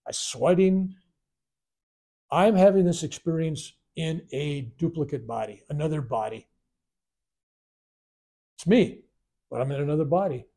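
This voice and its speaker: A man with a gravelly, husky voice tells a spiritual story to a workshop. His tone is dark and mellow, and he rambles while acting out the voices he quotes. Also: on the high side. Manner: rambling, animated retelling with acted quotes. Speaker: spiritual teacher. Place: workshop room.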